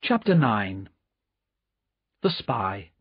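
A man narrates an audiobook slowly, his fairly high voice rising and falling with plenty of expression. His tone is slightly husky, and the dry recording sounds dull and lo-fi. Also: no room sound. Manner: slow, lively storytelling.

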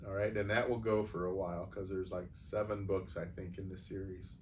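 A man reading a humorous story aloud for a church audience, then signing off in a relaxed, folksy way with fillers. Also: low-pitched, fairly quick, a little hiss or hum.

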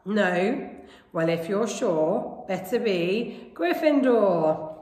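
A woman voicing an old talking magic hat that muses slowly and slyly, in a storybook reading recorded in an echoey room with a long reverb. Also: mid-range voice, animated, darkish tone. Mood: pondering. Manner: slow, drawn-out musing.

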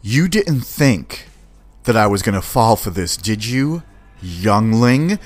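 A man putting on the voice of a menacing armored male villain, speaking slowly and coldly. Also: fairly low pitch, very animated, soft background music, heavily acted.

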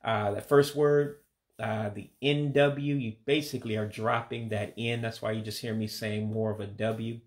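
Man slowly teaching vocabulary. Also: on the low side, fairly even intonation. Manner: slow, careful repetition of words; hesitant with fillers. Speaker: language learner teaching vocabulary. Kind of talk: casual vocabulary lesson.

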